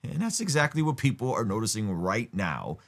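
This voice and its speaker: A man's voice: on the low side, fairly quick, vocal fry. A man hosting a casual commentary show, talking animatedly and mocking the people he discusses with put-on voices. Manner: animated, mocking impressions of others. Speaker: host.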